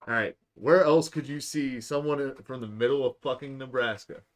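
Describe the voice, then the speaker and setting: A young man co-hosting a podcast, telling stories in casual, profane, animated chat. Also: mid-range voice, moderate pace. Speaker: podcast co-host.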